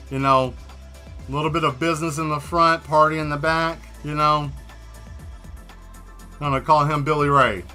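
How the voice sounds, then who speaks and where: A man with a high, bright, forceful voice chats loosely through a live drawing stream. He jokes and rambles, talking straight to the viewers in the chat. Faint music plays underneath. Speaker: livestream host painting and answering chat. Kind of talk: casual livestream chat while drawing.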